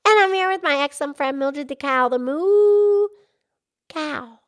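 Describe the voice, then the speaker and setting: A woman's voice: high voice, expressive, a little slow, no room sound. A woman voicing a cheerful, enthusiastic pig who hosts a children's educational show. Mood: upbeat. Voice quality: bubbly, enthusiastic. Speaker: show host.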